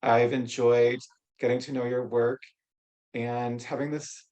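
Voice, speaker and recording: A man hosting an interview over a video call, speaking in a measured, appreciative way. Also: mid-range voice, little pitch movement, darkish tone, highs cut off. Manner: measured and appreciative, with frequent short back-channel murmurs. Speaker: interview host. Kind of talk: interview, closing remarks.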